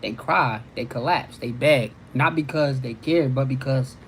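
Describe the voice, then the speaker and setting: A man's voice: mid-range voice, unhurried, a bit bright, a little hiss or hum, low-quality recording. A man hosting a live call-in advice show, direct and emphatic, often checking "you know what I'm saying". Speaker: host.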